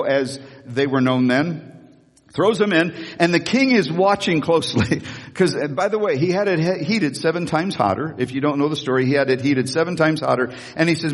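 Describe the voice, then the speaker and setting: Animated preaching man in an echoey hall. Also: on the high side. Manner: animated preaching, acting out the king with a raised voice and laughing. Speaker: pastor. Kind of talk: sermon.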